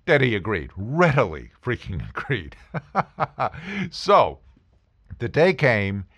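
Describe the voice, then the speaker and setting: Man, casual storyteller, lively swooping pitch, dry recording. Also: takes it slowly, husky, dry recording. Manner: animated, acts out voices of people in his stories. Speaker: podcast host telling stories.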